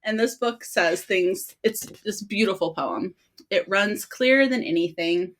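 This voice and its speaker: A woman's voice: mid-range voice, a little slow. A woman hosting a podcast, chatting about books in a gushing, giggly way. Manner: giggly, gushing, breaks into laughter. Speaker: podcast host. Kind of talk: casual chat about books.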